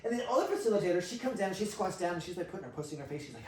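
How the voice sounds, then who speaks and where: Excitable storytelling man, roomy and distant. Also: high voice, very fast, hardly any pauses, slight background noise. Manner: excitable, acts out quotes, laughs often, filler-heavy. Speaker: podcast guest, sexual healer. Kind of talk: animated storytelling.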